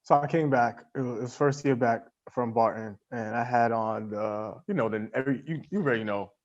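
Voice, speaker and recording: A man co-hosting a casual podcast with a friend, telling stories in a lively way and dropping "yo" often. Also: medium pitch, a little fast. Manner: animated storyteller, peppers speech with "yo". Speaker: podcast co-host. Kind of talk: casual chat between friends. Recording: lo-fi, dull podcast audio.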